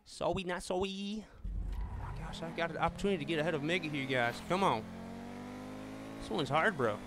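Excitable male gamer streaming a race. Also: on the high side, a little fast, noisy background. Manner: chatty, talks to viewers and racing friends, frequent exclamations. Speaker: game streamer. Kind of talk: live gameplay commentary.

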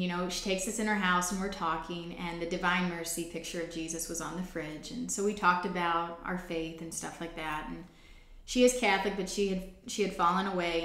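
A woman's voice: on the low side, fairly even intonation, a little fast, a bit bright. A woman hosting a faith ministry show, telling a personal testimony story in an earnest, conversational way with frequent restarts. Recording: roomy echo.

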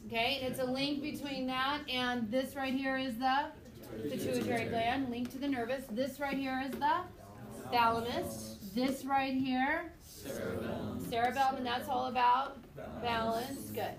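A woman's voice: high-pitched, fairly even intonation, a little slow, echoey room, a crowd in the background, poor audio. Chatty goofy woman teaching a class. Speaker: high school biology teacher. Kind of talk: classroom lecture with anecdotes.

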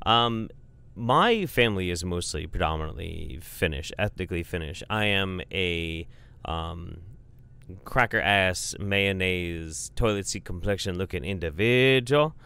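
A man's voice: sits low, expressive, takes it slowly, gravelly, sharp tone, clean tone. A man casually telling a comic family story, rambling and profane, with lots of fillers.

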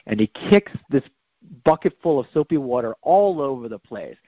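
A man's voice: medium pitch, big pitch swings, moderate pace, no room sound. A man as a podcast guest, telling a personal story in a rambling way and often correcting himself. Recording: slightly dull, dry recording.

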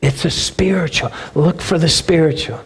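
A male pastor preaching a sermon, telling a story with animated, emphatic repeats. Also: fairly high pitch, moderate pace, breathy edge.

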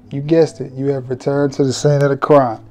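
A man's voice: mid-range voice, flat delivery, normal speed, darkish tone. A man hosting a casual fragrance review vlog, talking straight to viewers in a laid-back, joking, colloquial way.

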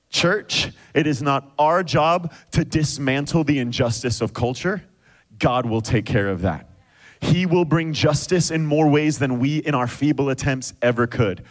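A male pastor preaching a lively sermon, acting out quoted voices of God and the people. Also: fairly high pitch.

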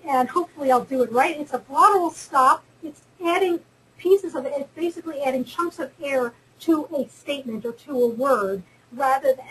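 A woman's voice: high voice, a bit bright, a little hiss or hum, low-quality recording. An earnest woman giving a webinar talk on careers in science, stressing her points and repeating them. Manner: earnest, emphatic and repetitive, with some restarts. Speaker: webinar speaker on careers in geoscience. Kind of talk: instructive talk.

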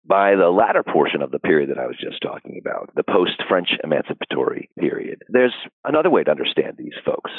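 A man explaining history in an interview, thoughtful and unhurried, with frequent fillers. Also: deep voice, sing-song, slightly rough, dry recording. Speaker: historian guest. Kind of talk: academic interview answers. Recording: dry, phone-like audio.

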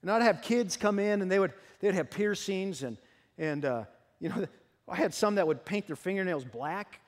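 A man preaching in a church, his fairly high voice ringing with a long reverb off the sanctuary walls. He tells lively, humorous stories about his family to the congregation. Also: moderate pace. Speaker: pastor. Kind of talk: sermon with personal stories.

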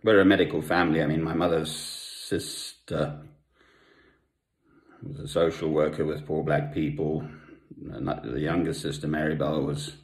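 An older man from South Africa, talking at home in a rambling personal monologue with pauses and asides. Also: extremely low pitch, little pitch movement. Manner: meandering, with long pauses and asides. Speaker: Christian vlogger. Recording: echoey room.

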